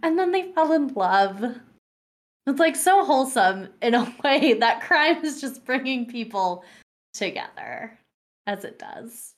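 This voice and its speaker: A woman co-hosting a casual podcast chat, relaxed and chuckling as she talks. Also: high-pitched, unhurried. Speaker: podcast co-host.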